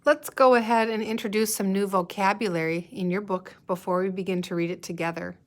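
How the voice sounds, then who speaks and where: A woman teacher leading a guided-reading lesson, patiently sounding out words and pausing for young students to answer. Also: medium pitch, steady tone.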